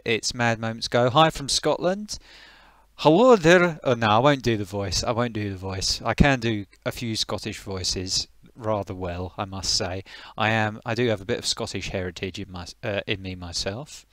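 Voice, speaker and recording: A man's voice: fairly low pitch, a bit bright, no echo. Chatty man hosting a live stream. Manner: chatty, greets viewers, thinks aloud while fiddling with settings. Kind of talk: casual live-stream chat.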